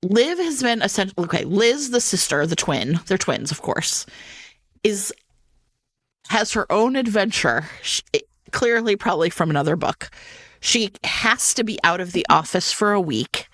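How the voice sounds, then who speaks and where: A woman's voice: medium pitch, normal speed, no room sound. Chatty woman podcast host, dry close sound. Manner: animated storytelling, many restarts and asides; swears casually. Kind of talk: casual chat recapping a book.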